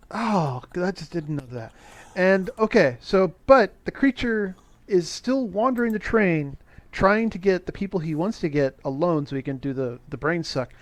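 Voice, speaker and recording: A middle-aged man casually recapping an old movie on a podcast, sarcastic and profane, with animated asides. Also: sits high, measured pace. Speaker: podcast co-host recapping a film. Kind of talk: casual chat.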